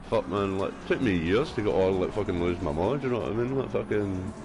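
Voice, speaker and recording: Young male streamer with a lowish voice: loose, sweary, filler-heavy chat. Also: animated, fast, music in the background. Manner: rambling, sweary, full of fillers. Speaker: gaming streamer. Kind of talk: casual chat while gaming.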